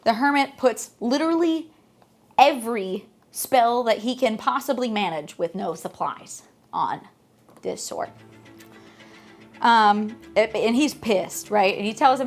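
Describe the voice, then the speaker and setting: A woman's voice: a little high, expressive, unhurried, faint music behind. A woman hosting a casual book club recap, chatty with lots of fillers and some swearing. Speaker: host.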